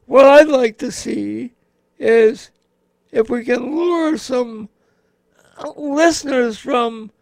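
A man co-hosting a radio show, talking casually in a slow, halting way with many pauses. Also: very high-pitched, vocal fry, no echo. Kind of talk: casual on-air chat.

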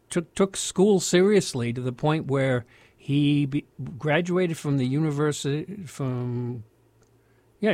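A man's voice: medium pitch, dry recording. Rambling older man, dry close sound. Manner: rambling, many restarts and fillers. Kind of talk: casual spoken storytelling.

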